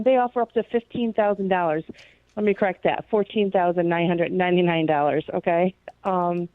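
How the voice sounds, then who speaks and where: A woman's voice: medium pitch, no room sound. Hesitant woman on a phone line. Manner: hesitant, lots of "um", self-correcting. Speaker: guest loan officer.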